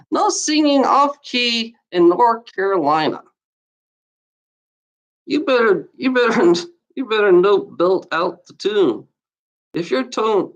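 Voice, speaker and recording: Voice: mid-range voice, low-quality recording. A vlogger reading out odd laws and ranting about them, swearing constantly and scoffing in exasperation. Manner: scoffing laughter between readings.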